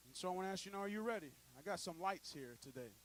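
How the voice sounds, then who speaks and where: Pastor guy preaching in church, high bright voice, storytelling then getting loud. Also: animated, racing, a little hiss or hum, low-quality recording. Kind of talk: sermon. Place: church sanctuary.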